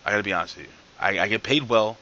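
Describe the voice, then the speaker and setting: A man's voice: lowish voice, very fast, pushed and bright, dull audio. A man giving a casual, rambling wrestling show recap, joking, swearing and ribbing someone off camera, tired from working late at night. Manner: jokey, rambling, swears, asks off-camera crew.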